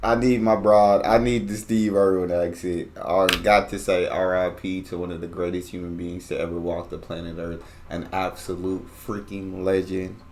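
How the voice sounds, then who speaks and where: Brief: low-pitched male reaction host, relaxed chatty delivery, quick agreeable interjections. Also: slight background noise. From United States. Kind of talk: casual reaction commentary.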